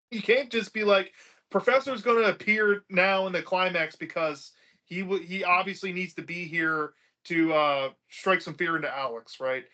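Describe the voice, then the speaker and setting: A man co-hosting a casual podcast review, talking in an animated way with lots of fillers and laughs. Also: fairly high pitch. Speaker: podcast co-host. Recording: dull lo-fi sound.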